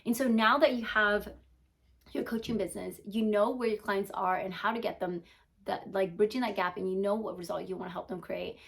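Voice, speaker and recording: A young woman gives a lively, emphatic motivational talk as a business coach, her voice sitting at an ordinary middle pitch. She keeps checking in with "okay?" and fills her sentences with "like". She talks fast and fired-up, straight to the viewer. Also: creaky. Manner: energetic, emphatic, frequent "like" and "okay?" check-ins. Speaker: business strategist and mindset coach.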